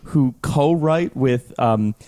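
A man's voice: mid-range voice, dark tone, no room sound. Rambling, stammering podcast host man. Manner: rambling, stammering, quick to laugh. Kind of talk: casual podcast banter.

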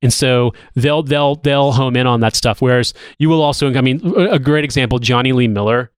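A man co-hosting a podcast, chatting in a rambling, animated way with many restarts. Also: mid-range voice, fairly quick, smooth, no room sound. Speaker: podcast co-host. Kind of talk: casual chat.

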